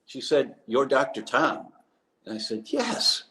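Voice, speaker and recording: A man's voice: mid-range voice, a little slow, rough recording. A man guest in a live interview, telling stories animatedly and acting out the people he quotes. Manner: animated storytelling with quoted voices. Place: abroad, remote live session.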